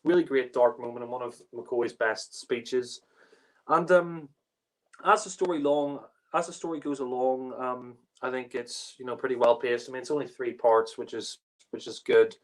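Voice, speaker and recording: A man's voice: mid-range voice, steady tone, normal speed, low-quality recording. A man giving a casual spoken review, rambling with lots of fillers and restarts. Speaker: podcast panelist reviewing a TV story.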